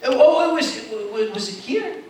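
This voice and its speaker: An American man hosting a convention panel, telling stories in a theatrical, jokey way that swings between loud and hushed. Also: very high voice, animated, measured pace, background noise. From United States. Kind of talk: comic storytelling on a panel. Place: large convention hall. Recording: echoey hall recorded from far off.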